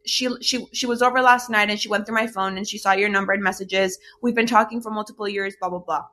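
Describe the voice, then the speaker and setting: A woman's voice: medium pitch, fast, a little hiss or hum. Young woman venting a story to friends, tons of "like", swears a lot, casual chat. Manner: animated, swearing, many "like" fillers. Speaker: storyteller recounting a breakup.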